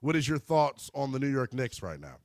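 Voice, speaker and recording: A man hosting a sports radio show, chatting casually with a guest in a relaxed, slangy way. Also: medium pitch, a little fast, dry recording, clean studio sound. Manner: relaxed, agreeable, slangy interviewer.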